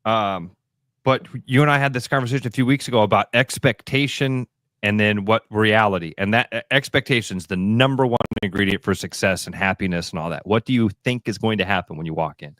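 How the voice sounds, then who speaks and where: Chatty Midwestern radio co-host, storytelling. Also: male voice, lowish voice, fairly quick, a bit bright, dry recording, clean studio sound. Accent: Midwestern American. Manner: chatty, storytelling, laughs easily. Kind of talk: casual radio chat. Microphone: studio microphone.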